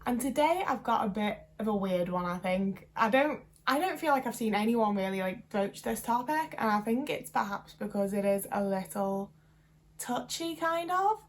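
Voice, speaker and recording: A woman's voice: a little high, lively intonation, normal speed. A woman in her twenties talking to camera in a casual vlog, chatty and rambling with lots of fillers and self-deprecating asides. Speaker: vlogger.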